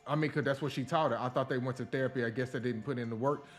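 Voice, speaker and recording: A man's voice: medium pitch, rapid-fire. Male podcast host, blunt, profane, ranting commentary, faint background music. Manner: blunt, profane, animated rants. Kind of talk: casual opinion commentary.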